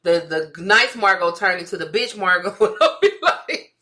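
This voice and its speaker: A woman's voice: on the low side, moderate pace. A woman co-hosting a podcast, telling stories in a casual chat, laughing often and acting out what people said. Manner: animated storytelling, laughs often, acts out quotes. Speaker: podcast co-host, comedian.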